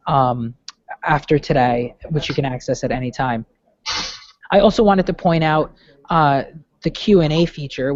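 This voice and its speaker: A man moderates a webinar in a friendly, informal way, with plenty of fillers. His voice sits fairly high for a man. The audio is dry and lo-fi, like a video call. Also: a little mellow, dry recording.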